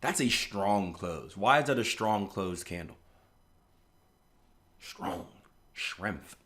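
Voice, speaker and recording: A man's voice: lowish voice, animated, slow, a bit bright. A man in his thirties from the US East Coast, telling rambling stories in a casual live stream and then walking through trading charts, with frequent restarts and "like". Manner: rambling storyteller, many restarts and "like", chuckles often. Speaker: forex trading educator.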